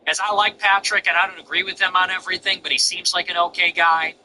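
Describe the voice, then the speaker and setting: Blunt male stream host, slightly higher voice, rambling brash anecdotes, faint hiss behind. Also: flat delivery, quick pace, pushed and bright, poor audio. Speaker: livestream host. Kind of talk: livestream chat.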